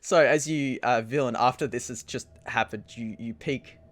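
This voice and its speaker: Male game master, calm narration, mid-pitched. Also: moderate pace.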